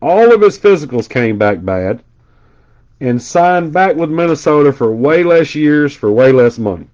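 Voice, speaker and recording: A man's voice: fairly high pitch, sing-song, measured pace, darkish tone, dull audio. Chatty man calling out cards. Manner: chatty storyteller rattling off card names. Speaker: card break host. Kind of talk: casual live stream chat.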